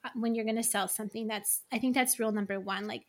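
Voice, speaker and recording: A woman's voice: a little high, fairly even intonation, fast talker. A middle-aged woman talking casually as a podcast guest, chatty and full of asides. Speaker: guest, email copywriter.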